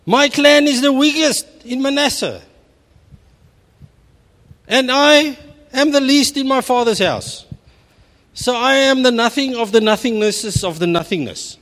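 A South African man preaching, who puts on the high, whiny voice of a timid, self-doubting man pleading that he is nothing. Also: measured pace, pauses often, fairly bright tone, in a large hall.

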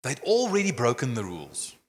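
A man preaching a sermon, telling a Bible story with lively gestures and many "I mean" and "you know" fillers. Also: mid-range voice, a little fast. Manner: animated storytelling, acting out scenes. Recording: long hall reverb.

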